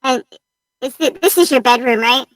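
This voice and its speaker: Bright high-voiced woman player. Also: moderate pace, no room sound. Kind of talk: tabletop role-play.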